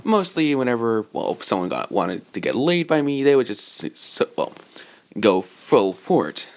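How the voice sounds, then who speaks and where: A man improvising a fan-fiction story out loud, rambling with many fillers and asides. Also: mid-range voice, very animated, moderate pace.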